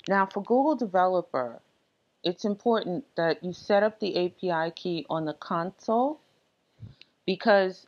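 A woman presenting a screencast software tutorial, explaining setup steps casually with frequent ums and uhs. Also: sits low, dull audio.

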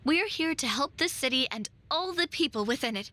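A woman's voice: high voice, lively intonation, moderate pace, sharp tone. A woman voicing an earnest young female monster hunter in a game, polite, composed and persuasive. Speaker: game character.

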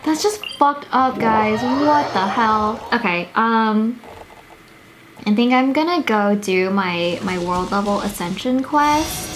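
A young woman giving casual commentary while playing a video game, excitable and swearing, gasping and squealing when her characters are in danger. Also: fairly high pitch, slow, noisy background. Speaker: gaming streamer. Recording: game music playing behind.

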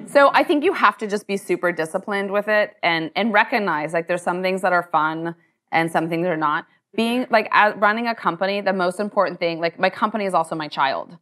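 A woman, a company co-founder and chief executive, answering onstage questions in a lively, chatty way with many "like" and "um" fillers. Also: lowish voice. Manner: talkative, quick, full of "like" and "um" fillers. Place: university lecture hall.

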